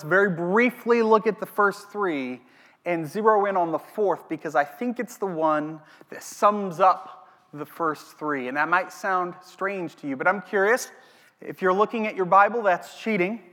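A man preaching a sermon as a pastor, animated, asking the congregation questions. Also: sits high. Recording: long hall reverb.

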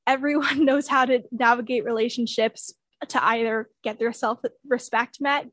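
A woman's voice: a little high, fairly even intonation, normal speed, a bit bright, no echo. A woman in casual conversation, earnestly explaining therapy skills with frequent fillers. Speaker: guest sharing therapy experience.

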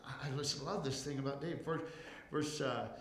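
Male pastor, mid-pitched, preaching with slow emphatic build-ups, reverberant church. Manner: preaching with rising intensity, slowing for emphasis; calls for congregation response. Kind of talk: sermon.

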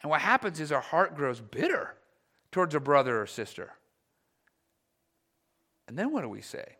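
A male pastor delivers his sermon with a high, bright voice. His pitch swoops widely as he presses his points bluntly and acts out the grumbles of his congregation. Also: normal speed. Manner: animated, blunt, acts out grumbling church members in quoted voices.

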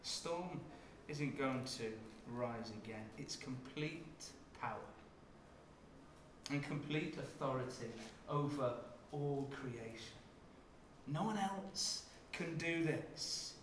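A man preaching a sermon, dropping to a hush and rising to loud emphasis as he tells the story. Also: a little high, reverberant, a little hiss or hum. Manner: dramatic shifts from hushed to loud when acting out scenes.

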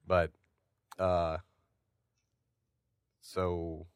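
A man's voice: low voice, level tone, extremely slow, smooth, no room sound, studio quality. A man playing a tabletop game in character, polite and hesitant, often restarting his sentences. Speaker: player. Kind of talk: in-character tabletop role-play.

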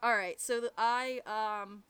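A woman's voice: on the high side, fairly even intonation, slow, fairly bright tone, clear, resonant tone. Giggly woman from the northern U.S. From northern United States. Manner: giggly, lots of fillers and laughter. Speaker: podcast co-host. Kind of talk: casual chat. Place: outdoors behind a garage.

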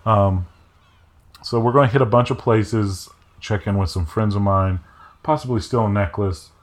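Low-voiced man as a laid-back game master, lots of fillers. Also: moderate pace. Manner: relaxed, hesitant with many fillers. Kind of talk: narrating a tabletop game.

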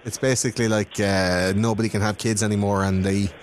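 A man's voice: fairly low pitch, little pitch movement, brisk, noisy background. A man, a podcast guest chatting casually, rambling and swearing. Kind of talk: casual chat.

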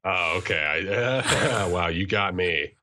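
A man with a very low, bright, forceful voice, chatting casually as a podcast co-host. He tells stories in a joking, self-mocking way. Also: lively intonation, slow. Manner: jokey, self-mocking storyteller. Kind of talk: casual chat.

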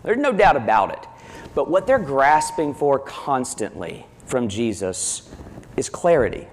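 A man's voice: mid-range voice, sing-song, a little slow, noisy background. A male pastor preaching a sermon, telling a family story in a conversational way and repeating himself as he goes.

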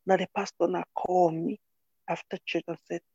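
A woman from Cameroon, telling her own story in an interview in an earnest, halting way with many restarts. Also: lowish voice, little pitch movement, a little mellow, breathy edge, no room sound, dull audio. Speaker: interview guest. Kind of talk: personal testimony in conversation.

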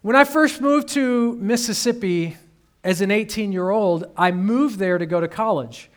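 A man's voice: sits high, measured pace. A man from Detroit, Michigan, preaching a sermon as a pastor in a conversational storytelling way with humorous asides.

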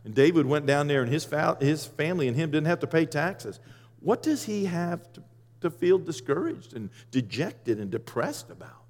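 A man preaching a sermon with passion, rising to shouts on emphatic lines. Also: on the high side, sing-song, moderate pace, long reverb tail.

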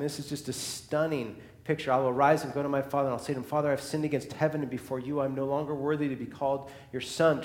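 A man preaching a sermon who swings between loud, fervent stretches and hushed, soft passages, often restarting his words. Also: on the high side, echoey room. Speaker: pastor.

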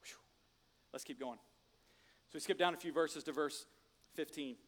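A male pastor preaching a sermon, animated and conversational, swinging from loud jokes to hushed emphasis. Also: on the high side, moderate pace, in a large hall.

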